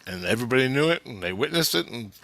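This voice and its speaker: A man's voice: mid-range voice, animated, fast talker, vocal fry, a bit bright. A man telling past-life memories in a rambling, profane, intense monologue. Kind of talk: casual spoken monologue.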